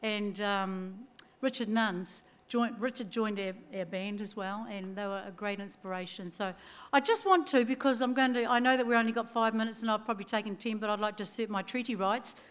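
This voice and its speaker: A woman's voice: medium pitch, a little fast, smooth. A woman with a New Zealand accent giving a chatty acceptance speech, full of anecdotes and quoted voices. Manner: chatty, animated storytelling with laughs and quoted voices. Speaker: award-winning singer giving acceptance speech.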